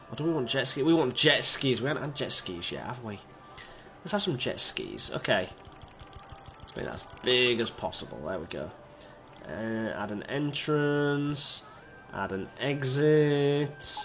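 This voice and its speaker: Animated man narrating his gameplay. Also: medium pitch. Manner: rambling, self-mocking, talks to game characters. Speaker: video game let's-player. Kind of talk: casual gameplay commentary.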